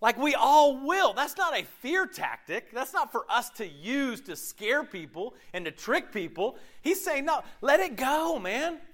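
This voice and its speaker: A man preaching a sermon as pastor, in a conversational, animated way with frequent laughter. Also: very high-pitched.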